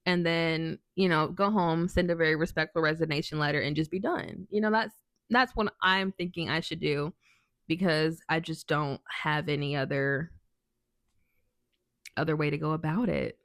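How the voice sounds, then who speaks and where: Sassy storytelling woman, lowish voice. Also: steady tone, moderate pace, fairly bright tone, no room sound, clean studio sound. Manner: chatty and sassy, lots of "um" and restarts. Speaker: vlogger. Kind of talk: casual storytime.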